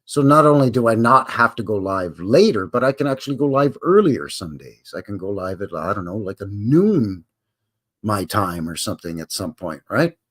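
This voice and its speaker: Folksy middle-aged man, lively voice. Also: lowish voice, normal speed. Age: 50s. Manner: folksy, rambling, chatty. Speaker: live stream host. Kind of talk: casual live stream chat. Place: home.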